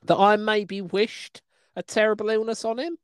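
A man's voice: sits high, steady tone, moderate pace, smooth, dry recording. A man, a comedian co-hosting a podcast, chatting wryly about old gigs and laughing often. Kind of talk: casual chat telling stories.

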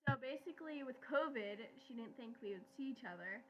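A woman's voice: fairly high pitch, expressive, fairly quick, muffled recording. A teenage girl talking through a school laptop on a video call, outspoken and casual. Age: teens. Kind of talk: casual chat. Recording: poor laptop audio.

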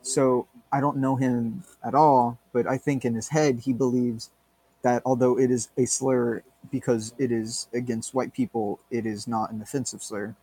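A man's voice: mid-range voice, flat delivery, moderate pace, mellow, breathy edge, dry recording. A man co-hosting a podcast, rambling and joking in casual banter, swearing freely. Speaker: podcast co-host.

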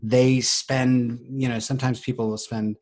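Animated middle-aged male voice actor. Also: medium pitch, unhurried. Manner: animated, acts out quoted voices. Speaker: voice actor guest. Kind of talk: casual storytelling.

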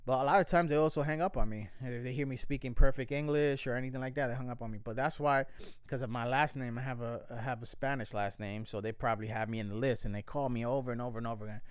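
Casual male storyteller from the US, smooth and resonant, dry close sound, swears a lot and wanders off on tangents. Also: medium pitch, fairly even intonation, quick pace, no room sound. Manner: rambling, profane, wry.

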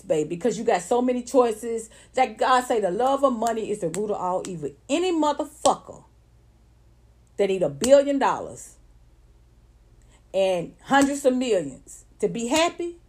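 A woman's voice: fairly high pitch, darkish tone, slightly rough. A woman with ranting bluntly and with a lot of profanity, mocking others in put-on voices as she hosts casual online talk.

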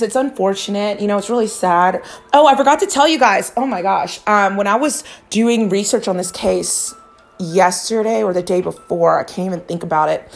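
A woman vlogger chatting straight to her viewers about her psychic hunches. She rambles and confides in a loose, conversational way, with the odd swear word and plenty of restarts. Her voice sits at an ordinary middle pitch. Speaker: psychic true-crime vlogger. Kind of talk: casual chat to camera.

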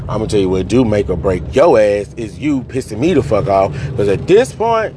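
Bitter, profane man venting, low-pitched. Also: lively intonation, moderate pace, few pauses, noisy background. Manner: profane, bitter, swings between raised outbursts and low muttering. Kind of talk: angry venting rant.

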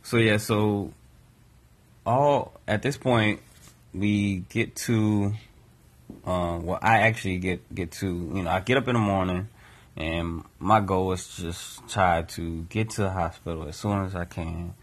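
Deep husky-voiced father telling his story. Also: unhurried. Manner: earnest, reflective. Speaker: podcast co-host and father. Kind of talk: personal storytelling.

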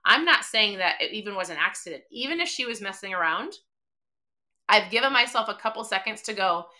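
A middle-aged woman hosting a podcast, giving an energetic motivational talk and acting out bits of dialogue. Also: mid-range voice, fairly quick. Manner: energetic, emphatic, acts out quoted dialogue. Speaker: podcast host.

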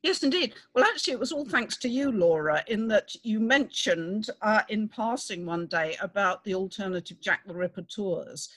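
A woman, a church rector, talking in a bright, good-humoured way as an interview guest on a video call. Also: mid-range voice, expressive, moderate pace, few pauses, no room sound. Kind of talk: casual chat on a video call. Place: vaulted crypt study, over a video call.

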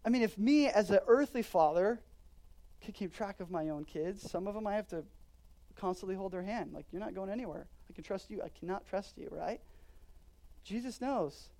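A man in his thirties, a pastor preaching a sermon, swinging between loud emphatic declarations and quiet earnest asides. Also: high-pitched, moderate pace.

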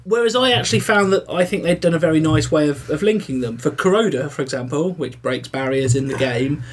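A man chats keenly about a board game, now and then cutting in with quick jokes. His voice sits a little higher than most men's. A faint hiss lies under the recording. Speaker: podcast co-host. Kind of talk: casual board game discussion.

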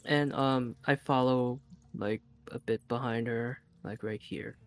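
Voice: medium pitch, steady tone, measured pace, dry recording. A person playing a tabletop game, teasing the others and laughing often. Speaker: player. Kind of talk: casual tabletop game play.

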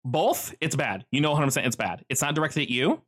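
A man narrating a tabletop game as game master, describing scenes in a slow, ominous, measured way. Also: fairly high pitch, lively intonation, a bit bright.

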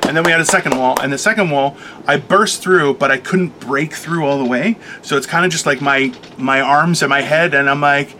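A man chatting casually as a co-host, telling an animated story, acting out quotes and laughing often. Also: a little high, brisk, slight background noise. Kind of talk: casual chat.

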